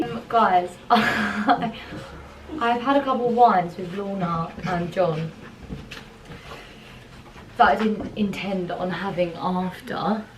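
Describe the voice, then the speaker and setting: A woman's voice: medium pitch, slow pace, pauses often, recorded from a distance, slight background noise. A woman talks casually to her phone camera, rambling and filling gaps with "like". She is recording in a hotel room. The sound is roomy, and she is set back from the mic. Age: 20s. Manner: chatty, rambling, lots of "like". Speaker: vlogger and brand owner. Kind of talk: casual vlog chat.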